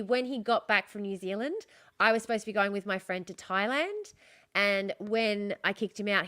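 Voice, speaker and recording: An Australian woman speaks candidly to her livestream audience at a mid-range pitch. She runs her sentences together and repeats key phrases for emphasis, like someone retelling a story she has told before. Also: a bit bright. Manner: frank, repeats herself, talks in run-on retellings. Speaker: streamer host.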